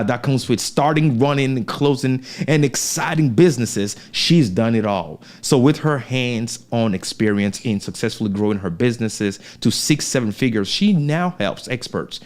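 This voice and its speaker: A man hosting a podcast, giving an energetic introduction to his guest with rhetorical asides. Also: mid-range voice. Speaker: podcast host.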